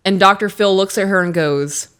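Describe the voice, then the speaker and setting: A woman in her thirties co-hosting a podcast, chatting casually, reading aloud from a book and acting out what people said in animated stories. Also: mid-range voice, moderate pace, clear, resonant tone. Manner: animated storyteller who acts out quotes. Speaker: podcast co-host.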